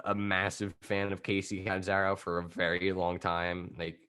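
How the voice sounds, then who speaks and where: Excitable young man chatting wrestling. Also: sits low, moderate pace, smooth. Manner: excitable, rambling, laughs often. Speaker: podcast co-host. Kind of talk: casual wrestling chat.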